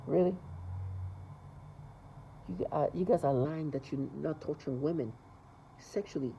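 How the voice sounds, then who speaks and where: Guy ranting to his camera, keeps restarting, slightly high, very mellow tone. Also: unhurried, creaky, dull audio, slight background noise. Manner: agitated, repetitive, stumbling restarts. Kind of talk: rambling monologue to camera.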